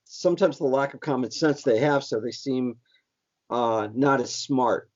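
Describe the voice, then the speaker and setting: Man, easygoing podcast co-host, mid pitch, muffled lo-fi audio. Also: a little slow, darkish tone. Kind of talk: casual late-night chat.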